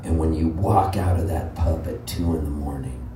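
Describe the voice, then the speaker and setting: A Canadian-born singer-songwriter chatting and telling jokes to a live audience between songs. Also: male voice, extremely low pitch, steady tone, normal speed, warm tone, slight background noise. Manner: joking, chatty storyteller. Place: live music venue. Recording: roomy live room, distant mic, guitar under speech.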